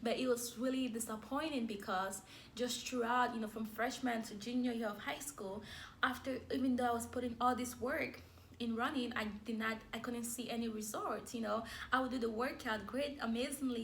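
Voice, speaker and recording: A young woman with a high voice tells her own faith story. She speaks openly and with feeling, and short laughs slip in between the words. It sounds like a personal, heartfelt testimony. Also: normal speed, a bit bright, slight background noise. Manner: candid and emotional, with light laughs.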